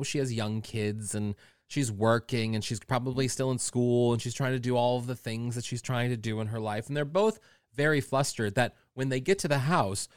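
A man's voice: medium pitch, no echo, studio quality. A man co-hosting a podcast in playful, campy casual chat, with a cough from a cold. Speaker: podcast co-host.

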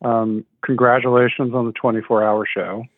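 A man's voice: medium pitch, flat delivery, normal speed, dry recording. A man calling into a radio show, talking thoughtfully and searching for words. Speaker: radio caller. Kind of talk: casual call-in chat. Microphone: telephone. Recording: tinny phone line.

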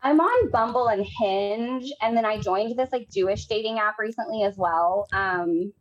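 A young woman from Texas, a podcast guest, telling stories and jokes in a dry, deadpan way. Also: medium pitch, normal speed, dull audio. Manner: deadpan, dry jokey storyteller. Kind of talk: casual chat.

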